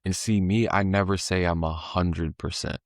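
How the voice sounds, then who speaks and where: A low-voiced man talks at a normal speed in a studio-quality recording with no echo. As a podcast guest, he tells stories in a relaxed, slangy way, getting animated whenever he voices the market.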